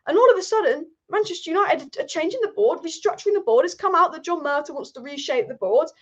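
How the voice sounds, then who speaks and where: A woman's voice: very high voice, animated, quick pace. A woman hosting a live football fan stream, ranting passionately and repeating her points. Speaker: football channel host. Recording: dull lo-fi stream audio.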